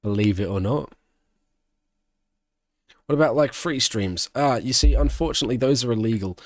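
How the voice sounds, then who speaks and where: A man's voice: mid-range voice, normal speed, no room sound. A man streaming a live race watch-along, giving casual commentary and answering questions from his chat. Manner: chatty, answers chat questions, breaks into excited shouting at big moments.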